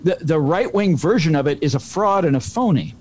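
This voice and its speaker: Higher-voiced male author, stammering. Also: expressive, fairly quick, a little mellow. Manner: thoughtful, stumbling restarts. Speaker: author guest. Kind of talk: interview answer.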